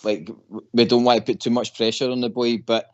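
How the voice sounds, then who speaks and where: Male co-host, earnest and self-mocking, mid-pitched voice, muffled line. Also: flat delivery, brisk. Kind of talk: casual radio chat.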